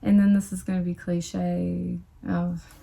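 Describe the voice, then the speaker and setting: A woman's voice: fairly low pitch, level tone, takes it slowly, gravelly, background noise. A young woman talking casually to the camera at home in a rambling, chatty way, full of "like" and asides. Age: young adult. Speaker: vlogger. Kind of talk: casual chat.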